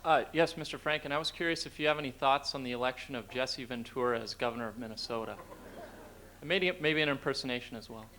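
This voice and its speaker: Quick, bright-voiced man asking a question. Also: mid-range voice, slight background noise, rough recording. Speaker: audience member asking a question.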